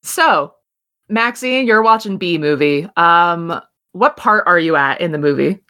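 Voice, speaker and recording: A woman running a tabletop game with a somewhat low voice. She narrates in a rambling, self-deprecating way, piling on detail. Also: expressive, unhurried, bright, forceful tone, clear, resonant tone. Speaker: game master.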